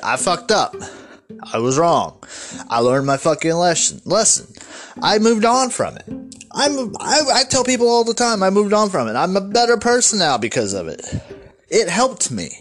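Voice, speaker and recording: A man hosting a podcast, delivering an angry political rant full of swearing and shouting at his listeners. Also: sits high. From United States. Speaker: podcast host.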